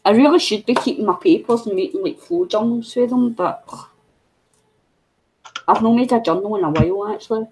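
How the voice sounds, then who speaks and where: A woman's voice: medium pitch, fairly quick, darkish tone, slight background noise, rough recording. A middle-aged Scottish woman hosting a casual craft livestream, chatting in a loose, rambling way. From Scotland. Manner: chatty, rambling, coos at her pet. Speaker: craft channel host.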